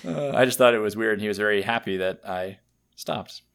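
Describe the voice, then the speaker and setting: Low-voiced, laid-back man. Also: fairly quick, gravelly, fairly bright tone, clear, resonant tone. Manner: laid-back storytelling, quotes people he met. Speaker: podcast co-host. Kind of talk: casual chat.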